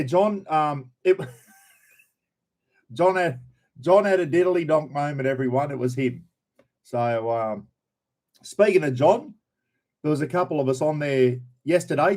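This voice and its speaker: A man's voice: medium pitch, darkish tone. An older man with an Australian accent hosting a casual live stream, greeting viewers by name in a chatty, blunt way and swearing freely.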